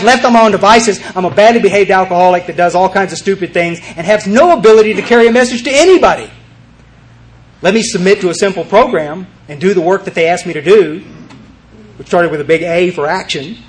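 Man, high voice, recovery-meeting speaker, emphatic and rambling, lots of restarts. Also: brisk, a little hiss or hum. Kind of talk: storytelling talk to a group.

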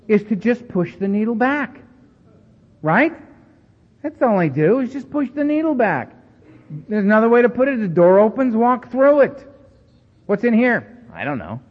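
A man with a high, very expressive voice addresses a recovery meeting, telling stories in an animated, self-mocking way. He acts out the dialogue as he goes. The recording is dull and carries the long reverb of a large hall. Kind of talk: storytelling talk to an audience.

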